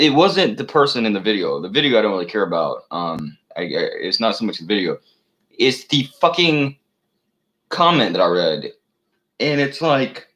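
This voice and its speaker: A man with a deep, low voice rants on his own channel, cursing freely and circling back on himself. He stumbles through fillers and restarts as he talks. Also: fairly bright tone, rough recording. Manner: profane, meandering, many fillers and restarts. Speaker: channel host. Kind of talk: rambling solo rant.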